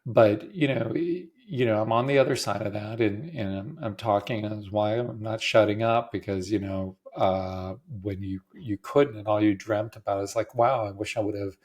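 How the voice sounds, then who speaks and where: A man hosting a podcast, talking in a halting way with many restarts and deep breaths, his voice cracking at times and emotional. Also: a little mellow. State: emotional, close to tears. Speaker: podcast host. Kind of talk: personal monologue.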